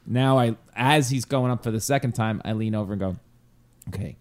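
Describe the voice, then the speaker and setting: Guy on a comedy podcast telling a story, acts out every character, pretty animated. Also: mid-range voice, fairly quick. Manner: animated anecdote-teller who acts out the people in his stories.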